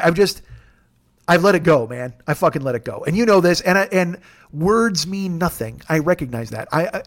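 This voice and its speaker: A middle-aged man talking in a candid, profane, self-deprecating way, rambling and restarting as he hosts a confessional podcast monologue. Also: fairly high pitch. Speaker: podcast host.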